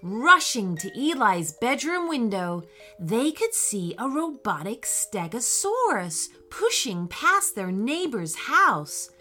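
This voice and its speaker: A woman narrating a children's story in a slow, expressive reading style. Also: fairly high pitch, faint music behind.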